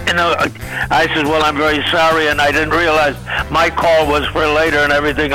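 A man's voice: on the high side, flat delivery, brisk, bright, forceful tone, soft background music, low-quality recording. An older man, a comedian telling an anecdote on a talk show and acting out other people's voices. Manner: storytelling, acts out voices.

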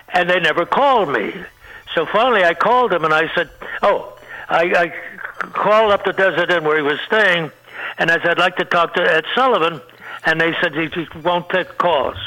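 Older guy comic rambling thru old showbiz stories, highish voice, cracks himself up. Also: pushed and bright, low-quality recording. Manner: rambling, self-interrupting, laughs at own punchlines. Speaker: interview guest, comedian. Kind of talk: anecdotal storytelling.

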